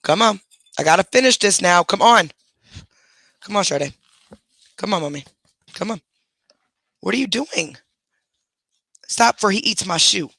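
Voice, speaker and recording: A woman's voice: mid-range voice, animated, measured pace, pauses often, a bit bright, no echo, clean studio sound. A woman hosting a casual livestream, scolding her dogs and chatting to her viewers. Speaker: livestream host.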